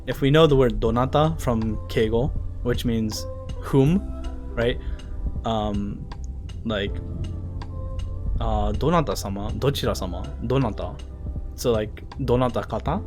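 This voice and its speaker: A man's voice: medium pitch, a little slow, pauses often, a little mellow, soft background music. Chatty man translating manga live. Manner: chatty, joking, swears, laughs often. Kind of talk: casual live reading and translating.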